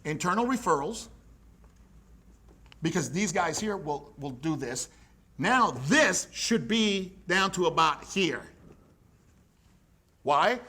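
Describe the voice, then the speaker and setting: Animated man coaching trainers. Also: sits high, takes it slowly, long pauses. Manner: animated, blunt, acts out dialogues. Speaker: fitness educator. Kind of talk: lively business coaching talk.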